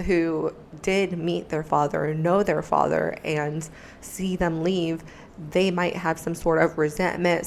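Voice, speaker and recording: Earnest, low-voiced woman commentator. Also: gravelly, a little hiss or hum. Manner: earnest, reflective, soft-spoken asides. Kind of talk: reaction commentary.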